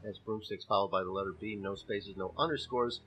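A man's voice: on the low side, steady tone, a little fast, a bit bright, lo-fi sound, soft background music. A man from Missouri co-hosting a podcast, chatting casually and joking around with playful teasing. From Missouri, USA. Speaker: podcast co-host. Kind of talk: casual chat.

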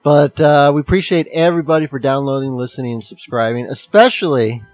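A man's voice: mid-range voice, a little fast, darkish tone, dry recording, soft background music. A man with a Midwestern accent co-hosting a podcast in casual, joking chat, laughing often. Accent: American Midwestern. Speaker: podcast co-host.

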